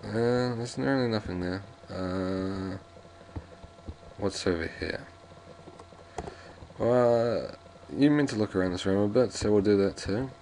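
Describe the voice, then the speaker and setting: Mellow and lowish, this man's voice runs a little slow with frequent pauses as he provides casual gameplay commentary. He reads the game's dialogue aloud, rambles, jokes and often restarts, with slight background noise present.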